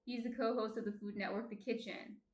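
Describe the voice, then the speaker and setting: A woman with a New Jersey accent chats casually on a baking stream, reading out viewer comments as she goes. Her voice sits a little high, and the sound rings in an echoey kitchen. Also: steady tone, brisk, a little mellow. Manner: chatty, reads viewer comments aloud. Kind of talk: casual chat while baking. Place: home kitchen. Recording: echoey room.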